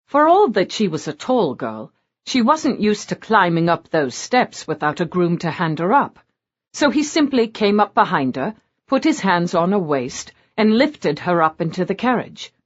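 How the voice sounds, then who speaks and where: A woman narrates a novel in a lower register, her delivery rising and falling with animated expression. The recording is muffled and lo-fi, with the top end dulled. The reading is steady, scripted storytelling. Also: normal speed. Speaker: audiobook narrator.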